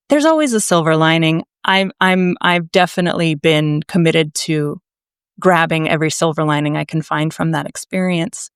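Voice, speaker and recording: A woman from Massachusetts, a naturopathic doctor, telling her story to a podcast host in a blunt, animated way. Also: sits low, clean tone, dry recording, studio quality. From Massachusetts, USA. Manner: animated, emphatic, blunt, swears freely. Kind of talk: conversational storytelling.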